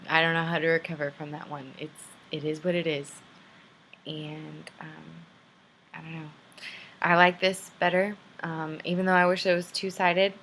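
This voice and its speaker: Candid rambling young woman, low-pitched. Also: little pitch movement, normal speed, fairly bright tone, slight background noise. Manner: rambling, candid and self-deprecating. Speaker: vlogger. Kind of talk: video letter to a friend.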